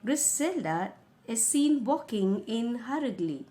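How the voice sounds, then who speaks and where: Slow, patient woman teacher. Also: a little high, lively intonation, darkish tone. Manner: patient, paraphrases each passage in simple words. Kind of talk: explaining a school reading lesson.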